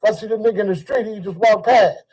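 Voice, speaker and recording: An older man. His voice sits high for a man. He delivers a heated, profane monologue and circles back to the same points again and again. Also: fast, a little mellow, slightly rough, rough recording. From Chicago. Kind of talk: ranting monologue.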